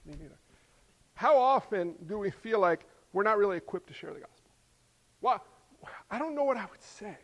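High-voiced joking pastor in a reverberant hall. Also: male voice, moderate pace, pauses often. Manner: lively, joking, asks the crowd rhetorical questions. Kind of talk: sermon.

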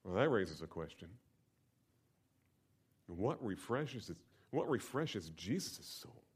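A male pastor preaching a sermon, asking rhetorical questions and moving from quiet lines to emphatic ones. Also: lowish voice, big pitch swings, slow, husky.

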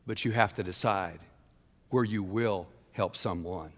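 A man's voice: deep voice, unhurried, long reverb tail. A man preaching a sermon as pastor, telling a personal story in a frank, conversational way.

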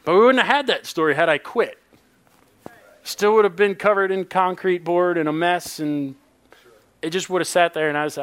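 A man in his thirties, a pastor, preaching a sermon with animated personal stories and laughing asides. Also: high-pitched, normal speed, clear, resonant tone.

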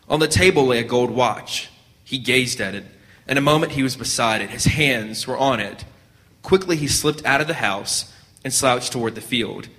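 A man reads a story aloud in a bright, forceful voice, measured and steady. Now and then he stumbles and restarts a word. A long hall reverb follows his reading. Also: mid-range voice. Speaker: narrator.

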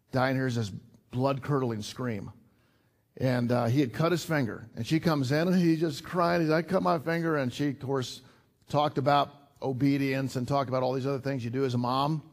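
Earnest middle-aged male preacher. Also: fairly high pitch. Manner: earnest, conversational preaching with pauses and repeats. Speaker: pastor. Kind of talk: sermon.

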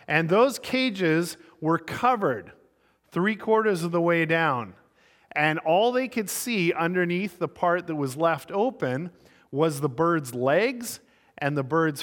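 A man preaches to his congregation, telling stories with lively delivery and acting out their characters. His voice sits a little high for a man. A long reverb from the large hall trails behind every phrase. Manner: animated storyteller, voices the people in his stories. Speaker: pastor. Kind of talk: sermon with storytelling.

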